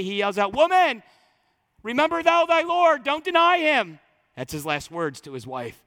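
A pastor preaching to his congregation, swinging from loud emphatic lines to hushed, slow ones. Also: on the high side, long reverb tail. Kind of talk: sermon.

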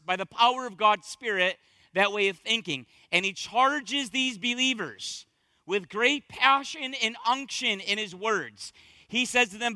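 A man's voice: sits high, bright, forceful tone, no room sound. A man preaching a sermon, emphatic and repeating key phrases for weight.

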